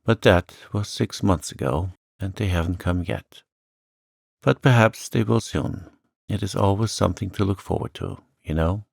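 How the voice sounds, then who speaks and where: A man's voice: low voice, normal speed, creaky, no room sound, clean studio sound, full character voice. A man voicing a lonely, sweet little old lady who talks in a chirpy, eager, fluttery way. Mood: wistful.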